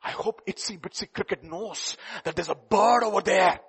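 A preacher doing a soft, timid inchworm. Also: male voice, sits high, husky, full character voice. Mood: wistful. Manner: soft, wistful, slow. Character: timid small inchworm, humble and worried.

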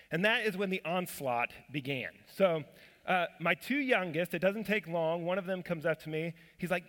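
Bright high-voiced man preaching in a reverberant hall. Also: moderate pace. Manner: conversational, self-deprecating, with fillers and restarts. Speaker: church elder preaching. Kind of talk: sermon with personal storytelling. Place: church sanctuary.

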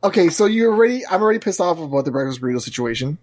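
A man on a podcast chatting casually, telling a story in an animated way, acting out the lines of both sides and swearing now and then. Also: a little high, racing, no echo.

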